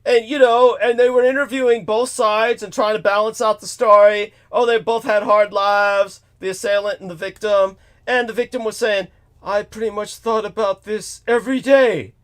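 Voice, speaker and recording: With a high-pitched, fairly bright tone, the talk show host spins a story as an exasperated, profane rant. He swings back and forth between mutters and loud outbursts.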